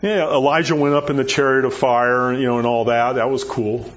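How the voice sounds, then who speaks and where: A man preaching a sermon in a conversational, animated way, acting out Bible dialogue as he goes. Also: mid-range voice, brisk, highs cut off.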